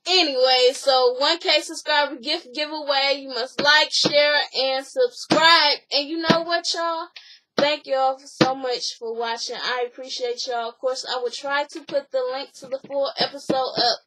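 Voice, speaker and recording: A woman giving a casual reality-show recap on her channel, animated and swearing freely. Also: high-pitched, unhurried. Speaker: YouTube recap host.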